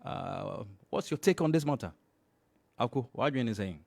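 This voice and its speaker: Ghanaian radio host, mid-pitched man. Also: expressive, normal speed, vocal fry, a little mellow. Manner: switches between English and Twi mid-sentence, conversational. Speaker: radio morning show host. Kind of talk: radio news commentary and phone interview.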